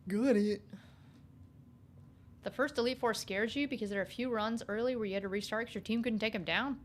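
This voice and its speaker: Woman, young adult, gameplay streamer, chatty and teasing, voice a bit high. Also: sharp tone. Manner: chatty and playful, thinking aloud, teasing back at chat. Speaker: game streamer. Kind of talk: casual gameplay commentary to a live chat.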